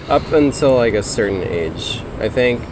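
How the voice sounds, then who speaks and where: A man from North Carolina, a guest in a casual interview, who answers in a relaxed, thoughtful way and laughs often while sitting outdoors on steps. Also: mid-range voice, unhurried. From North Carolina, USA. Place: outdoors on concrete steps in a park. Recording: outdoor traffic noise. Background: traffic noise.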